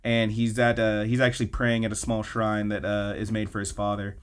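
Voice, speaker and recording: A young adult man hosting a casual anime podcast, retelling scenes with lively storytelling. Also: lowish voice, fairly quick, clear, resonant tone. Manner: animated storytelling, acts out scenes. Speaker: podcast host.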